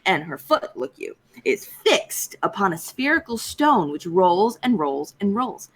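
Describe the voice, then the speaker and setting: A woman's voice: mid-range voice, very animated, a little slow, slightly rough, pitched below the performer's own voice, exaggerated voice. A woman reading a long-winded, earnest army captain in a casual live-streamed Shakespeare reading, lecturing in a wordy, fussy way.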